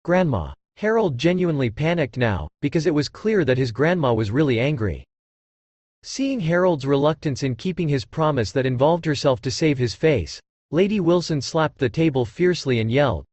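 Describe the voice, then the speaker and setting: Man narrating an audiobook, lively pitch. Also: normal speed, no room sound. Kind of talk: scripted narration.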